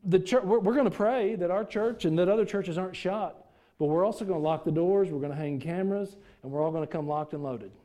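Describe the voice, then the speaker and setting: Preacher guy, kinda high voice but mellow, folksy, keeps asking the church questions. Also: fast talker. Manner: folksy, rhetorical questions, jokes with congregation. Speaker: pastor. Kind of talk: sermon.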